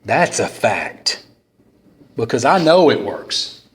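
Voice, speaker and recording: A man's voice: medium pitch, big pitch swings, slow. A man giving a rambling, joking, self-deprecating talk at a recovery meeting. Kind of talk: casual storytelling talk. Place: meeting room of a club. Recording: roomy hall sound with faint noise.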